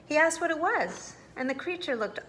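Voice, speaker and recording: A woman reading a children's bedtime story aloud in an expressive, animated way. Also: high-pitched, moderate pace, slight background noise.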